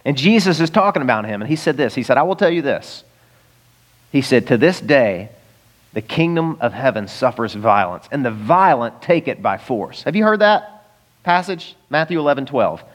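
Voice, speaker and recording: A man preaching a sermon in a church, conversational and animated, with jokes and rhetorical questions. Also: medium pitch, moderate pace. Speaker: pastor.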